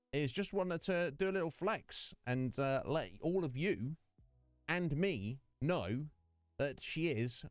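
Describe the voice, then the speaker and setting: A man's voice: medium pitch, no room sound, studio quality. A man hosting his game live stream, chatting in a rambling way and laughing often. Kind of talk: casual live-stream chat.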